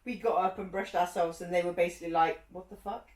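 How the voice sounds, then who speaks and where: A woman's voice: lowish voice, steady tone, brisk. A woman co-hosting a podcast in casual chat, blunt and joking and swearing freely. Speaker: podcast co-host. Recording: roomy, distant from the mic.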